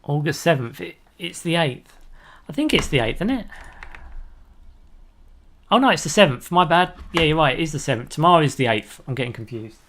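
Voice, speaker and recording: A man live-streams a video game, chatting loosely with viewers in an animated, fairly quick voice that's on the high side and a bit bright. He laughs easily at his own jokes and drifts between thoughts, with a little hiss or hum in the audio.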